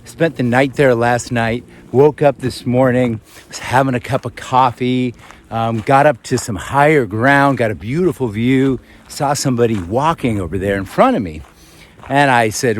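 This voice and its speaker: A man casually telling a rambling story to camera outdoors in a forest, chatty and quick to laugh. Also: medium pitch, slight background noise. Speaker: vlogger.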